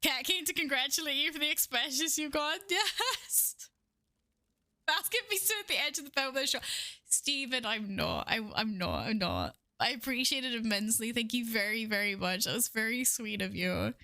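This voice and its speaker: A young woman streaming live, chatting excitedly with her viewers, swearing and laughing often. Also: on the high side, normal speed, dry recording, studio quality. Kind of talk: casual live-stream chat.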